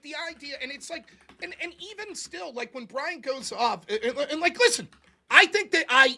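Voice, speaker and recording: High, bright-voiced ranting man. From United States. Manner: profane, ranting, mocking voices. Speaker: host. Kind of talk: casual call-in show chat.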